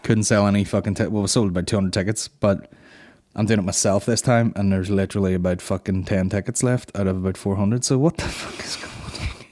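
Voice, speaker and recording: A man's voice: fairly low pitch, steady tone, fast talker, a little mellow. A man hosting a comedy podcast, rambling crudely with heavy swearing. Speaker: podcast host. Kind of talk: casual comedy podcast banter.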